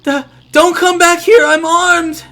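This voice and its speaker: A man voicing a frightened male halfling who stammers and shouts high and shrill. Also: steady tone, fairly quick. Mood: panicked.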